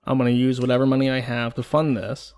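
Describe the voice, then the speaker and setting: Gravelly man giving blunt commentary. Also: medium pitch, little pitch movement, quick pace, a little mellow. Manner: blunt, sarcastic, speculative. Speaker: stream panelist. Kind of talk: casual commentary chat.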